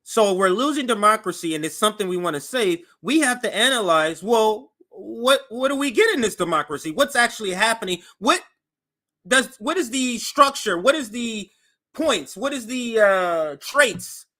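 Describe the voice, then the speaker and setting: A man hosting a show, giving animated political commentary as he reacts to news clips. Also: high voice, normal speed. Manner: animated and conversational, voice jumps up for emphasis.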